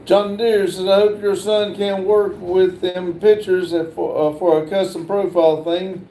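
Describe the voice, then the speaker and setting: A middle-aged man hosting a casual livestream, reading viewer comments aloud in a slow, halting way with many "uh" fillers. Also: high voice, little pitch movement, warm tone, echoey room, a little hiss or hum. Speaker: livestream host.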